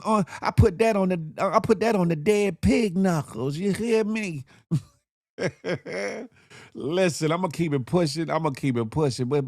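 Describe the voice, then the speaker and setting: A man hosting a casual morning show, talking in a slightly raised voice with an animated, joking delivery. He laughs often between remarks, and the sound is dry and close. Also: fairly high pitch, dry recording. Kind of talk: casual commentary.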